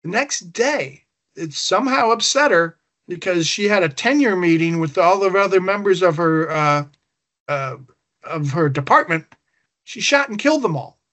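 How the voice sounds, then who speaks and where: A man with a notably high voice recounts a case calmly. His delivery is measured and reflective, like an investigator looking back. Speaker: guest, investigator. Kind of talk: casual anecdote.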